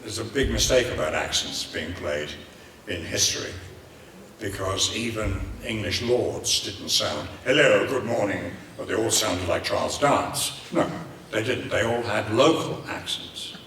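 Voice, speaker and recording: Older man, Irish accent, lowish voice, rambling theatrical stories, echoey hall, distant mic. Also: measured pace, slight background noise. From Ireland. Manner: rambling anecdotes, lively and theatrical. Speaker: panel guest actor. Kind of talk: convention panel storytelling. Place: large convention hall.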